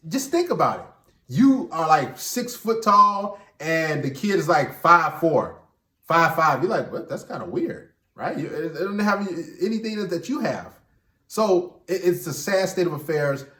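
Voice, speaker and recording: A man's voice: fairly high pitch, big pitch swings, normal speed, bright, forceful tone. A man talking straight to viewers in an emphatic casual monologue, often repeating words as he restarts. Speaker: relationship commentator and host. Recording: echoey room.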